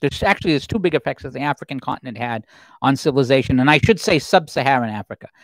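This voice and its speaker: A man's voice: medium pitch, expressive, quick pace, dry recording, poor audio. 50s guy ranting on his livestream, voice jumps around a lot, dry close mic. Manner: rambling, conversational, with restarts and asides. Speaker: livestream host. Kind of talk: solo political commentary livestream.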